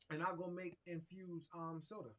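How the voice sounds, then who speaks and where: A man's voice: sits high, little pitch movement, a little slow. A middle-aged man co-hosting a casual chat show, laid-back and joking. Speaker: co-host.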